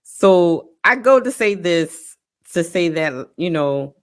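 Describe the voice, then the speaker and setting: Slow, halting woman sharing a testimony. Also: lowish voice, expressive. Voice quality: halting, emotional, many pauses and restarts. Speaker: parent co-host. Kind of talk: casual personal testimony.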